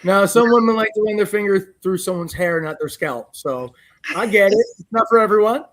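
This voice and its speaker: Higher-pitched man, earnest and direct. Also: brisk, a bit bright, a little hiss or hum. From New Jersey. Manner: earnest, speaks his mind. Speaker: dating show contestant. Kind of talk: casual chat.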